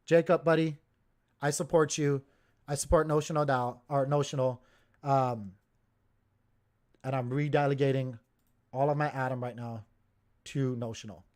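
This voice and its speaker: A man's voice: mid-range voice, fairly even intonation, moderate pace, long pauses, darkish tone. A man hosting a crypto livestream, talking in a heated, emphatic way and repeating himself as he gets worked up.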